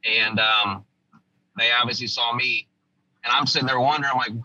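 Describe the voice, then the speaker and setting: A man from the United States tells a war story as a guest in a casual interview, pushing his husky voice out with a hard, forceful edge. He circles back and restarts his sentences as he relives the moment, and the podcast audio sounds dull and lo-fi. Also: medium pitch, fairly even intonation, moderate pace, dry recording. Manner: vivid first-person war retelling with restarts. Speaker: podcast guest, former army sergeant.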